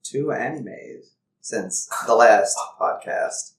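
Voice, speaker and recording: Regular guy casually chatting on a podcast, mid pitch, bit of room echo. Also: lively intonation, slow pace, distant mic. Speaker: podcast co-host. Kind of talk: casual chat. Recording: roomy echo.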